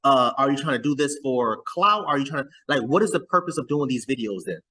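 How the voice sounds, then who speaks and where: A man hosts a casual reaction commentary with a slightly husky voice at a middle pitch. He talks loosely and repeats words as he works through his thoughts. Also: lively intonation, fairly quick, bright, forceful tone, poor audio. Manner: chatty, repeats and stammers over words. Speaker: reaction video host.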